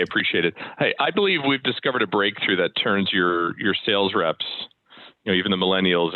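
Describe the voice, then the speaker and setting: A man making a live cold sales call, upbeat and persistent as he pitches. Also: dry recording. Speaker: sales caller. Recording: tinny phone-like audio, dry.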